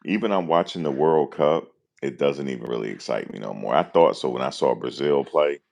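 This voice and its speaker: A man, talking casually and deadpan to his viewers, musing and repeating himself in slangy speech. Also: a bass voice, a little fast, vocal fry, muffled recording. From New Jersey, USA. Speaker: vlogger. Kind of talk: casual rambling monologue.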